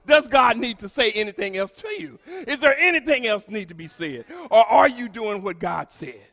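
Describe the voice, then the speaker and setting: A man preaching a sermon to his congregation as pastor, swinging between shouted lines and quiet, low asides. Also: big pitch swings, moderate pace, in a large hall.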